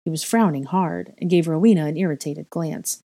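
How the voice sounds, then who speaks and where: Woman narrator for story reading, calm and steady, low mellow voice. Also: moderate pace, breathy edge. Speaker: reader. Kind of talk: audiobook-style fiction reading.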